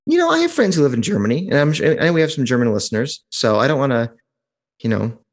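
A man's voice: mid-range voice, big pitch swings, fast. A man co-hosting a podcast in casual chat, rambling with restarts and swearing. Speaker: podcast co-host.

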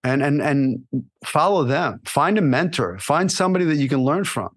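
Hosting a podcast, an acting coach with a fairly high-pitched voice talks at normal speed, giving spirited motivational advice. He often finishes his points with "right?" or "you know."

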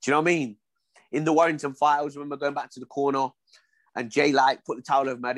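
Guy in his 40s, kinda high voice, dry sound, acts out the dialogue as he tells it. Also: rapid-fire, no echo. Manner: animated, acts out quoted dialogue, repeats "you know what I mean". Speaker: guest, former boxer. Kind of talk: casual storytelling interview.

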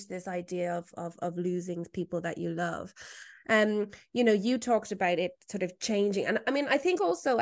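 A woman hosting a podcast, talking reflectively and hedging her thoughts. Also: medium pitch. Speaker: podcast host. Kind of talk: conversational interview.

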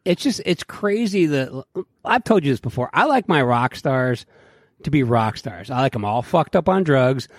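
Here a male podcast co-host chats casually, loudly narrating stories full of swearing and mimicked quotes. He has a medium pitch and a moderate pace. It's a dry, studio-quality recording.

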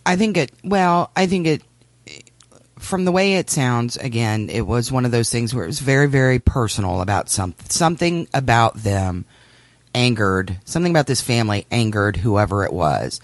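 Podcast guy musing out loud, circles back on himself, dry mic. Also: mid-range voice, lively intonation, moderate pace, no echo. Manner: musing, repeats himself as he thinks aloud. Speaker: podcast co-host. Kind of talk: casual chat.

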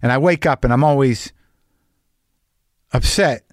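A podcast host delivers a casual monologue in a mid-range voice at a measured pace, rambling, profane and stop-and-start. The studio-quality audio has no echo.

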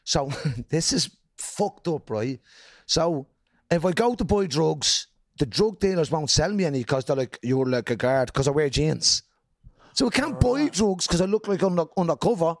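A man's voice: fairly high pitch, animated, moderate pace, no echo, studio quality. A man with a Dublin accent, a comedian guest telling stories in casual chat, swearing freely and acting out quotes. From Ireland.

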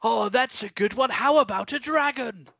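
A man putting on a jolly, bumbling old Father Christmas with a booming ho-ho laugh for a comedy podcast skit. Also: moderate pace, gravelly, sharp tone, dry recording, highs cut off, heavily acted. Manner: bumbling, playful.

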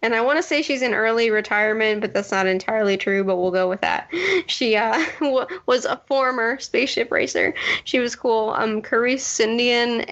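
A woman's voice: on the high side, a bit bright, lo-fi sound. A woman co-hosting a casual podcast, chatty and laughing often as she stumbles over names. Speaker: podcast co-host. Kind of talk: casual book discussion.

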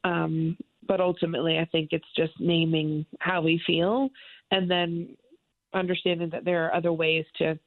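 Woman, forties, from Florida, casual interview chat, self-deprecating, gravelly voice, phone-line sound. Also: fairly low pitch, little pitch movement, moderate pace. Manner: chatty, self-deprecating, acts out quoted voices. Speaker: actress and singer guest.

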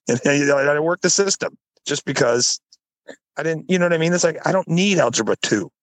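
A man's voice: fairly high pitch, lively intonation, brisk, dry recording, low-quality recording. A man co-hosting a podcast, telling a story in casual chat with laughing asides. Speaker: podcast co-host.

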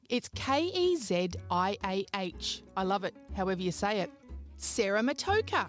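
A woman's voice: a little high, very animated, moderate pace, soft background music. A woman with an Australian accent hosting a podcast, chatting playfully and wandering into tangents while she thanks listeners. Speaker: podcast host. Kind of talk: casual chat, thanking patrons.

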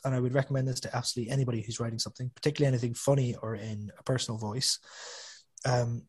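A man's voice: mid-range voice, husky. A man, an author talking casually as an interview guest, chatty and self-deprecating with lots of restarts. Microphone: studio podcast microphone.

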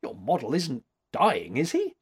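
A man's voice: a little high, big pitch swings, takes it slowly, darkish tone, slightly rough, full character voice. A man voicing a curt, imperious elderly woman critic. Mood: brisk commanding. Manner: curt, commanding, searching questions.

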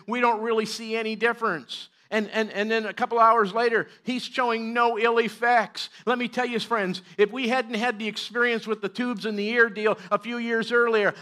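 Middle-aged pastor from Canada, sermon delivery, bright forceful tone, earnest and fervent. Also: male voice, sits high. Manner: earnest storytelling, rising to fervent preaching.

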